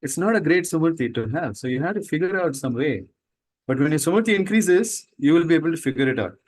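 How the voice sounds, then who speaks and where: Emphatic spiritual teacher, higher voice. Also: male voice, expressive, rough recording. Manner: emphatic, full of rhetorical questions; mocks people with quick put-on voices. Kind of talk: spiritual talk to students.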